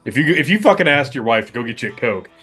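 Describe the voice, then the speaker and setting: A sardonic man co-hosts a whiskey tasting, cursing freely and cracking jokes. His pitch swings widely as he riffs. Soft music hums faintly in the background. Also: sing-song, fast, breathy edge. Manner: sardonic, profane, jokey. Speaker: co-host of a whiskey review show. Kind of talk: casual tasting chat.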